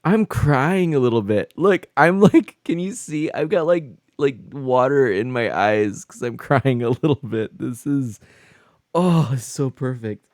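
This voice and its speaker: Male streamer, flustered and giggly, unhurried delivery with a swooping pitch, dry close sound. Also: animated, darkish tone, dry recording. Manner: flustered, laughing and exclaiming often. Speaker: game streamer. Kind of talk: live-stream chat with viewers.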